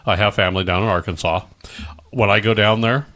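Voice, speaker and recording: Speaking fairly quickly in a somewhat low, steady, slightly bright voice, this podcast co-host from the American Midwest keeps the chat loose. He rambles, restarts his sentences a lot, and drops into silly fake voices.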